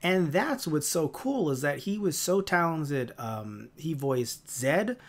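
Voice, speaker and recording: Lively, rambling podcast co-host man. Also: on the high side, takes it slowly. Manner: rambling with fillers, tangents and laughter. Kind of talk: casual chat.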